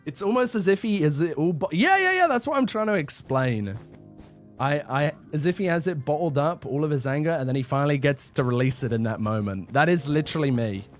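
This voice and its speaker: A man's voice: on the high side, expressive, brisk. Young guy streamer rambling on about whatever, voice bounces all over, faint music behind. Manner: rambling, chatty, self-deprecating. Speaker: livestreamer. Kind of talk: casual livestream chat.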